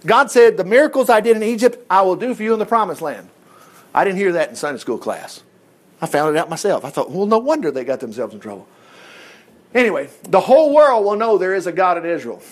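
A man preaching a sermon, retelling a story with animated asides and frequent chuckles. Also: high voice, fast. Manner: animated storytelling, acts out quotes, chuckles often.

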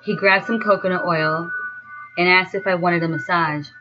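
A woman telling a first-person story in a slow, dreamy way. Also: on the low side, fairly even intonation. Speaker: narrator. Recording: dull lo-fi sound with faint music.

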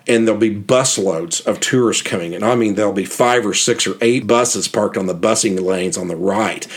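A man's voice: on the low side, normal speed. A middle-aged man hosting a podcast, telling stories in a casual, rambling, enthusiastic way. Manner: rambling, enthusiastic, repeats words and restarts. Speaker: podcast host and guidebook author. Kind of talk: casual storytelling monologue.

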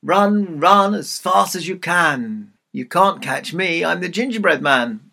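A man's voice: a little high, takes it slowly, vocal fry, noisy background. A man voicing a cheeky little gingerbread man who chants a sing-song taunt as he runs away.

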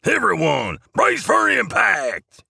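Panicky yelling sleigh pilot, voiced by a male narrator, pitched way up, wild swings. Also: wildly swooping pitch, slow pace, vocal fry, husky, dry recording, clean studio sound, full character voice. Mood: panicked. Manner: shouting, urgent.

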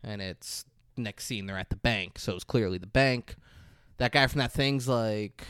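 A man's voice: on the low side, a little slow, fairly bright tone, clean tone, no room sound, clean studio sound. A man co-hosting a podcast, retelling movie scenes in a loose, profane way and acting out the lines. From Florida. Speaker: podcast co-host. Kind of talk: casual movie recap chat.

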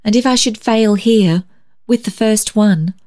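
A woman voicing a timid, hopeful young woman who speaks brightly and falters when nervous. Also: medium pitch, a little slow, pitched above the performer's own voice, natural voice. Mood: anxious.

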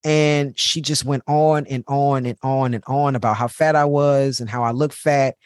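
A man's voice: mid-range voice, fairly even intonation, moderate pace, smooth. A man hosting his own podcast, telling a personal story in a candid, heartfelt way and repeating words for emphasis. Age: adult parent. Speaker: podcast host.

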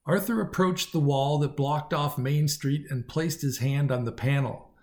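A man narrating a science fiction story as an audiobook in a measured, lightly wry storytelling manner. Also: fairly high pitch, darkish tone. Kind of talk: scripted narration.

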